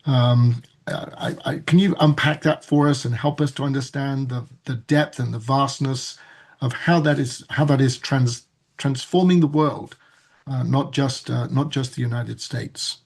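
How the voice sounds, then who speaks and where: Husky guy introducing a speaker on a webinar, lots of ums and restarts. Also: medium pitch, darkish tone. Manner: halting, many fillers and restarts. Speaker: panel moderator, reverend.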